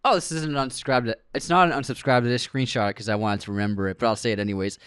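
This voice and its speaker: A man's voice: mid-range voice, steady tone, very fast, a bit bright, smooth, no room sound, studio quality. A man co-hosting a casual movie podcast. He laughs a lot as he reads listener comments aloud. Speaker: podcast co-host.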